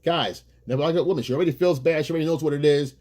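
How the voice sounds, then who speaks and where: A man with a husky voice giving emphatic, preachy dating advice in a monologue as a coach. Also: fairly high pitch, racing, mellow.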